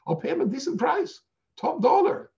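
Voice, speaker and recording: A man's voice: extremely high pitch, big pitch swings, normal speed, gravelly, a little mellow, lo-fi sound, voice pushed up, heavily acted. A man doing an eager bargaining patriarch.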